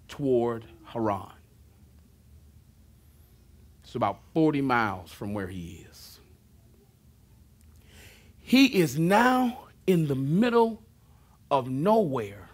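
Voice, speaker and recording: A man preaching a sermon, telling the story with lively asides. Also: mid-range voice. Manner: animated storytelling with asides and laughs. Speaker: pastor.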